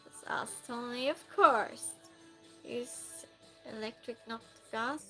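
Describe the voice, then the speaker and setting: Slow-talking playful woman streamer. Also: on the high side, fairly bright tone, soft background music. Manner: playful, teasing, reads chat aloud. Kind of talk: casual chat with live viewers.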